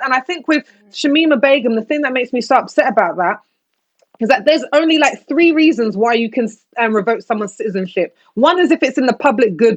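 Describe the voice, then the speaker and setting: A British woman, co-hosting a casual panel discussion and arguing her points with passion. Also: on the high side. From Britain. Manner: impassioned, talks herself onto a soapbox. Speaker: podcast co-host.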